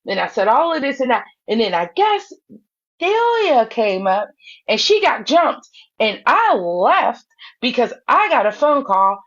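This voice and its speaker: A woman tells the story of last night's online drama in a loose, chatty gossip style, leaping up in pitch whenever she acts out someone else. Her voice sits a little high, and the audio is dull and lo-fi. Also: measured pace. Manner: animated storyteller who jumps up in pitch to act out quotes. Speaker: live-stream gossip host. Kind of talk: casual gossip recap.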